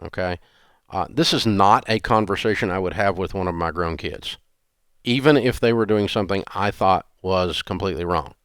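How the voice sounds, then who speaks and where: A man's voice: low-pitched, normal speed, a bit bright, smooth, no echo, studio quality. A man in his sixties hosting a call-in advice show, talking in a blunt, folksy and sarcastic way and acting out quoted voices. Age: 60s. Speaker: radio show host.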